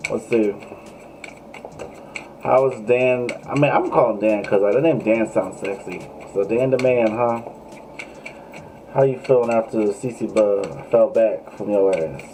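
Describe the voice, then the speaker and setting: A man's voice: fairly low pitch, measured pace, pauses often, dark tone, a little hiss or hum, rough recording. A man giving a casual, joking live tarot reading, swearing freely and talking straight to his viewers. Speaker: tarot reader.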